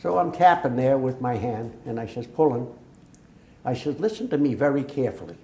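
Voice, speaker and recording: A man's voice: medium pitch, brisk, a little hiss or hum. Older man telling war stories. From Massachusetts. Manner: lively storyteller who acts out quoted dialogue. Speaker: veteran interviewee. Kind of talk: oral history storytelling. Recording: echoey room.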